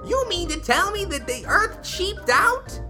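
A man voicing a scornful, skull-faced male supervillain in a comedic podcast skit, in a shrill, squawky voice. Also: very animated, a little slow, music in the background, heavily acted. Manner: dismissive, mocking.

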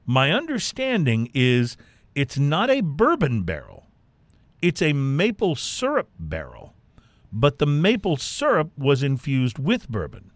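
Chatty Texan man, lively pitch. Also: measured pace, no echo. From Texas. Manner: animated, chatty, with frequent fillers. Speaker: co-host. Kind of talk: casual chat.

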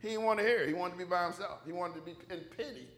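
Speaking very fast in a high voice, a middle-aged pastor preaches a sermon full of animated stories, performing the voices of the people in them.

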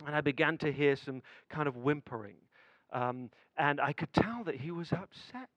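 High-voiced man telling a sermon story. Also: steady tone, moderate pace, no room sound, highs cut off. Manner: storytelling, builds suspense, acts out dialogue.

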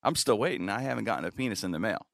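Animated middle-aged man telling a story. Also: lowish voice, racing, creaky, no echo, studio quality. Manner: animated storyteller, acts out quotes, laughs often. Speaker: guest storyteller. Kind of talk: casual podcast anecdote.

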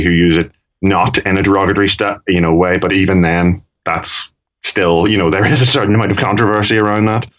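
Man, Northern Irish accent, very low voice, rambling casual chat, dull lo-fi audio. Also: fairly bright tone. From Northern Ireland. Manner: rambling, self-correcting. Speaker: podcast co-host. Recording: dull lo-fi sound.

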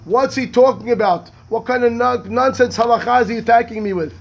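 A man, a rabbi teaching a Talmud class, reading text quickly and explaining it in rhetorical questions. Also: extremely high pitch, gravelly, breathy edge. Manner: animated, reads Hebrew text fast then explains in English; asks rhetorical questions, acts out the rabbis' voices.

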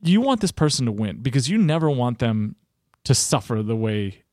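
A man in his thirties, a coach and podcast guest, telling stories in a casual, animated way, swearing freely and acting out what people said. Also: mid-range voice, moderate pace, no echo, studio quality. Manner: animated, swears freely, acts out quoted dialogue. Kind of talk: casual storytelling interview.

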